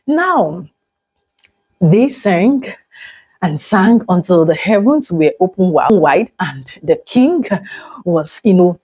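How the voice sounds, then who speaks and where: A woman, chatting excitedly and emotionally to her viewers in a vlog. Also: on the low side, takes it slowly, pauses often, husky, dry recording, low-quality recording. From Nigeria. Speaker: vlogger. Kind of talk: casual vlog chat.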